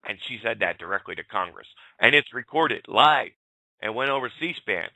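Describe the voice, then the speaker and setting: A man hosting a talk show, ranting bluntly and with fire. His voice is gravelly with a hard, bright edge. The sound is close and completely dry. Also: medium pitch, expressive, normal speed, dry recording, poor audio. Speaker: show host. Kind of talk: heated political talk.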